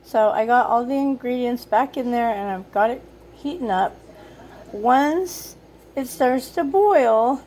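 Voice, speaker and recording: A woman's voice: fairly high pitch, darkish tone, a little hiss or hum. A woman chatting casually in her home kitchen while cooking, thinking aloud and getting easily exasperated. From Utah. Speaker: cooking vlogger.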